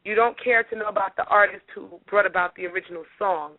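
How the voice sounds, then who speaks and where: A woman singer being interviewed on talk radio, telling stories in a lively way and acting out the dialogue. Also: mid-range voice, fast, no room sound. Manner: animated, acts out dialogue in her stories. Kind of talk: casual radio interview storytelling. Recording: dry, phone-like radio audio.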